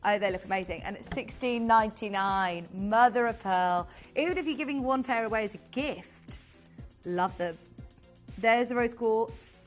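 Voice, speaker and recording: A young British woman presenting a live TV shopping show, gushing and chatty with quick asides. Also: a little high, soft background music.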